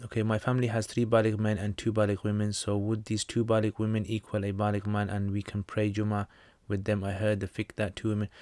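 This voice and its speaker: Low-voiced British man, dry sound. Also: no echo. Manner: chatty, reads questions aloud then answers informally. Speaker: Islamic teacher answering viewer questions. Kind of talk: casual livestream Q&A.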